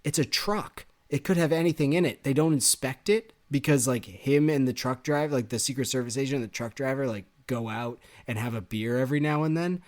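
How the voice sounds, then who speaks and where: A man's voice: medium pitch, fairly quick, hardly any pauses. A man co-hosting a book-club podcast, picking apart a story with sarcastic, ranting critique. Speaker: podcast co-host. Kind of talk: casual book-club discussion.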